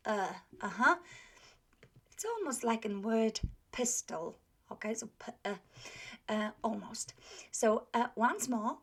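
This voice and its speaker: A woman teaching a pronunciation lesson, modelling words slowly and checking with the learner often. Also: on the high side. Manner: slow, patient, drawn-out model words; many fillers and checks for understanding. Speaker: language teacher.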